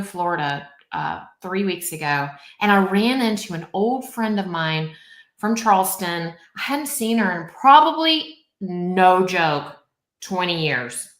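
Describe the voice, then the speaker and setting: Woman podcast guest, animated and chatty, recorded in a roomy space. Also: lowish voice. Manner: animated, acts out quoted people, peppers talk with "like" and "right?". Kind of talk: casual conversation.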